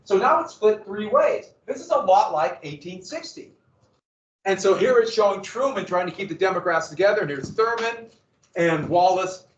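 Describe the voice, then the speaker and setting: A man's voice: sits high, lively intonation, normal speed. A man teaching a history class, lecturing casually with asides and questions to his students. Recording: roomy, distant, dull classroom recording.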